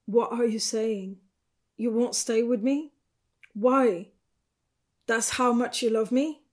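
A woman's voice: a little high, fairly even intonation, takes it slowly, darkish tone. A woman reading the dialogue of a hurt, angry young butch lover being left, in a raw bitter tone.

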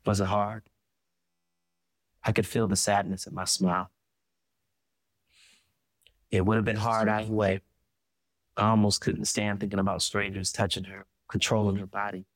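A man narrates a first-person audiobook in a low voice, slow and measured, with quiet emotion held under the words. The recording is close and completely dry. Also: level tone, no room sound.

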